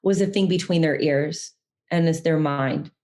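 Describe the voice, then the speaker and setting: A woman guest on a video-call interview, telling her story in an earnest, reflective way that sometimes slows right down. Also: sits low, a little mellow. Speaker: guest mindset coach.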